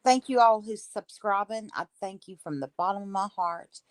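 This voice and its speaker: A woman's voice: mid-range voice, moderate pace, no room sound. A woman with a Southern American accent in casual chat, explaining things in a rambling, hesitant way. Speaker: co-host.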